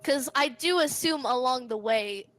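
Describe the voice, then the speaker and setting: A woman's voice: high-pitched, unhurried, a bit bright, slight background noise, poor audio. A woman playing a tabletop game, talking hesitantly with sighs and laughs. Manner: hesitant, sighing, laughs often. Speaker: player. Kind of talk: tabletop role-play chat.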